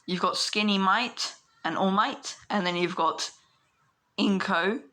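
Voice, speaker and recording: A young woman casually spins a fan story aloud, rambling with plenty of fillers. Her voice is bright and a bit sharp, at a middling pitch. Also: slow pace. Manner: rambling, many fillers and laughs.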